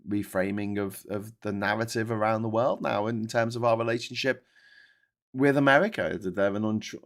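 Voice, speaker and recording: A British man hosting a live show, reading viewer comments and ranting in an animated, sweary way with frequent stumbling restarts. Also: on the low side. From Britain.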